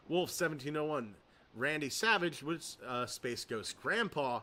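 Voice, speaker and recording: A man's voice: on the high side, lively intonation, measured pace, bright, forceful tone, a little hiss or hum. A man hosting a casual podcast, reading viewer comments aloud with offhand, dry asides. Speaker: podcast host.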